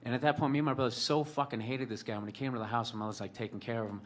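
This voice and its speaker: A man's voice: medium pitch, fairly even intonation, very fast. A man telling a long personal story in a rambling, profane, sardonic way, full of fillers like "like" and "you know". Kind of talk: storytelling monologue.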